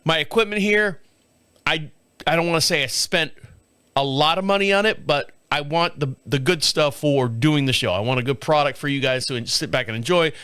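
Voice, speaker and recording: A man's voice: a little high, moderate pace, bright, forceful tone, clean tone, no room sound. A middle-aged man hosting his own show, telling a rambling story to camera in casual chat and laughing often, recorded in a small home studio. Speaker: podcast host. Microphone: studio mic on camera.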